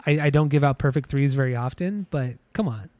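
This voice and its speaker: A man's voice: medium pitch, brisk, a little mellow, no echo. A young man co-hosting a casual podcast, teasing his friend with dry humor and frequent laughs. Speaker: podcast co-host.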